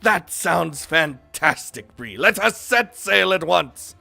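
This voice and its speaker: A man's voice: on the high side, lively intonation, takes it slowly, gravelly, sharp tone, soft background music, pitched above the performer's own voice, full character voice. A man voicing an otherworldly man who talks in stagey pirate lingo, theatrical and wide-eyed. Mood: eager.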